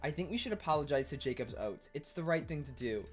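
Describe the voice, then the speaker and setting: A man streaming live in a casual chat, reading viewers' messages aloud and answering them while he eats, quick to argue and defensive. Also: on the high side, very animated, soft background music.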